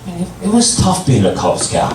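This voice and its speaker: This sixty-something comedian fires off deadpan one-liners fairly quickly, raising his pitch to impersonate the people he talks about. Recorded in an echoey club with slight background noise, he sounds distant.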